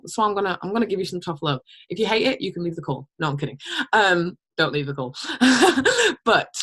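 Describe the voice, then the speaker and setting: A woman runs a team training call with a blunt, chatty pep talk. Her voice sits a little low, and she jumps up in pitch when she acts out sample messages. She swears casually and comes across as straight-talking. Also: breathy edge. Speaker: team leader.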